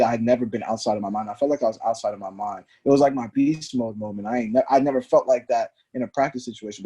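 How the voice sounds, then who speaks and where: A man's voice: mid-range voice, slightly rough. A man, a former pro soccer player, telling stories as a podcast guest and acting out the voices he quotes. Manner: animated, acts out quoted voices. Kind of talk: storytelling in conversation.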